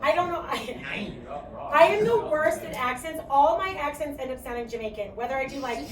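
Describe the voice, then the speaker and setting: Over crowd noise, a distant mic in an echoey classroom records a woman with a Chicago accent lecturing a math class. Her voice sits high and is expressive at a moderate pace; she projects and often checks in with "okay?".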